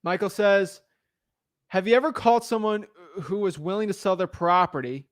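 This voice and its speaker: A man hosts a casual live question-and-answer stream, talking with eager energy. His voice sits a little high and the sound is dry and close, with no room behind it. He piles on fillers and repeats phrases to drive things home. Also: moderate pace, no echo. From United States. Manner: energetic, repeats himself, many fillers and restarts. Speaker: livestream host answering viewer questions.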